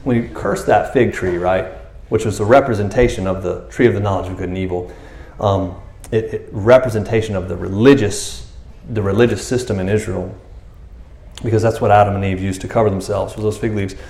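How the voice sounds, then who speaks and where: A man's voice: fairly low pitch, steady tone, brisk, a little mellow, roomy sound. A man preaching a casual, conversational sermon, acting out quoted voices as he goes. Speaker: pastor.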